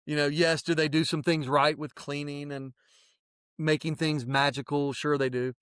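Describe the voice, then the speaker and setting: Man, high voice, animated, preachy, plain-spoken, dry sound. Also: normal speed, clean tone, dry recording. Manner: animated, preachy advice-giving; plain-spoken, mild swearing. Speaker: podcast co-host. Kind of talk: casual chat.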